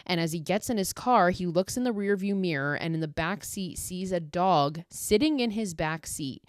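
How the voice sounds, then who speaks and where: A young adult woman hosting a podcast, recapping a horror movie in a casual, profane, animated way. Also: fairly low pitch, no room sound, studio quality. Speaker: podcast host.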